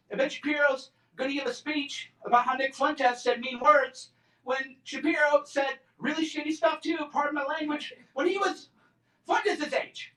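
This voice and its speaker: Speaking very high-pitched with a fairly bright tone, a man in his forties, invited to address a campus student group, mocks others in put-on voices during a combative, sarcastic talk. The lecture room sound is roomy, the mic far off.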